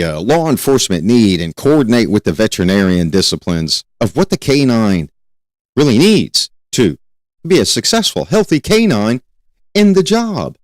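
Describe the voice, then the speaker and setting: A man's voice: mid-range voice, dry recording. A man hosting a criminal justice lecture, talking emphatically, repeating key points and asking rhetorical questions. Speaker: criminal justice educator and show host. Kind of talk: spoken lecture to students.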